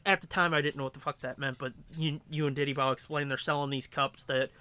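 A man co-hosting a podcast, telling a casual, profane story in an animated way. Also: medium pitch, fast, clear, resonant tone. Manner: animated, profane storyteller doing voices in quotes. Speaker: podcast co-host. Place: podcast studio. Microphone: studio mic up close.

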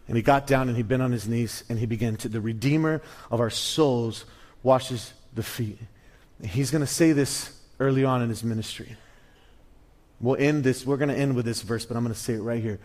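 A male pastor preaching a sermon in a conversational way, swinging between loud emphasis and hushed lows. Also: moderate pace. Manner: conversational with restarts.

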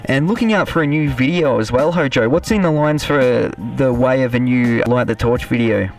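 A man's voice: mid-range voice, fairly quick, far from the mic, soft background music. An Australian man hosting a podcast, interviewing a guest in an upbeat, casual way. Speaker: podcast host.

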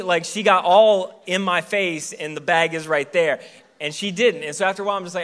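A pastor in his thirties preaches in a church, telling stories in a loose, joking way. His voice sits high for a man and rings bright and forceful. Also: a little fast. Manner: casual, joking storytelling. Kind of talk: sermon.

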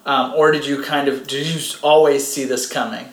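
A man's voice: medium pitch, steady tone, moderate pace. A man interviewing a guest, asking easygoing questions and laughing often. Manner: laughs easily, asks friendly questions. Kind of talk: casual interview. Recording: echoey room.

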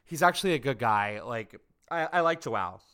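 A man's voice: medium pitch, animated, sharp tone, smooth. A man co-hosting a casual reality-TV recap chat, gossipy and opinionated. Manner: gossipy, opinionated, quick to laugh. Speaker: podcast co-host.

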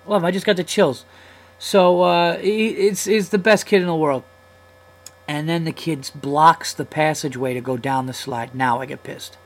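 A man's voice: on the high side, moderate pace, rough recording. A man in his thirties hosting a comedy podcast, telling a long story in a casual, profane, heated way. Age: 30s. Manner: profane, heated, animated retelling.

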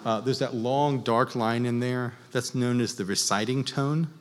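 Slow, halting man in a ringing hall. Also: medium pitch. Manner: unhurried, halting explanation with many fillers. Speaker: church music teacher. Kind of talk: class lecture leading group chant. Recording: long reverb in a large hall.

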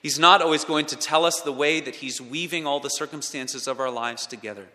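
Guy preaching a sermon, bright forceful voice, big echoey church hall, goes loud then real quiet. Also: brisk. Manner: dynamic preaching, swinging from loud emphatic peaks to hushed low passages. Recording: long reverb of a large hall.

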